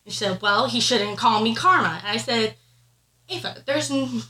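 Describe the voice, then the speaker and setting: Speaking briskly in a slightly high, pushed and bright voice, a pregnant podcast co-host emotionally relives a family argument with lots of fillers. It's casual personal storytelling, heard through poor audio.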